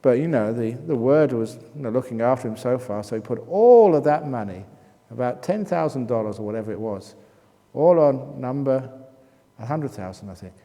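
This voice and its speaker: A man's voice: mid-range voice, animated, moderate pace, dark tone. A man from England, a Buddhist monk, answering retreat questions with humorous stories. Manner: humorous anecdotal storytelling. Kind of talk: Q&A talk at a retreat. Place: meditation hall. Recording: long reverb in a hall.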